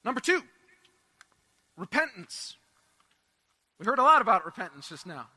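A young man preaching a sermon, telling a personal story in an animated way with asides and laughs. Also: high-pitched, moderate pace, husky.

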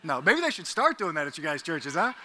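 High bright priest guy preaching, jokey and lively with the congregation, headset mic. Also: fairly quick. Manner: animated, joking with the congregation. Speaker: Catholic priest. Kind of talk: homily with humorous stories. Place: church. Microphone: ear-worn headset mic.

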